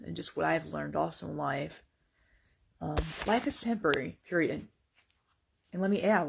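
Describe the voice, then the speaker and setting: A woman's voice: sits low, creaky, husky. A woman talking earnestly and hesitantly in a casual personal monologue, full of fillers and restarts. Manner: hesitant, rambling, many fillers; faith-centered, earnest. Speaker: vlogger sharing personal reflections.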